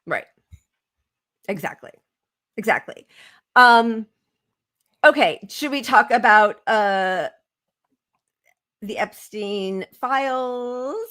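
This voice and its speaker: A woman's voice: fairly high pitch, expressive, extremely slow, pauses often, fairly bright tone. Chatty woman podcast co-host. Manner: conversational, with frequent fillers. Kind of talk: casual political chat.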